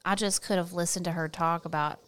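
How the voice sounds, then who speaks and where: A woman's voice: lowish voice, fairly even intonation, fairly quick, a bit bright, smooth. A woman with a Southern American accent, chatting casually as a podcast co-host and telling stories with plenty of laughs. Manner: chatty storyteller, laughs often, colloquial. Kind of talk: casual chat.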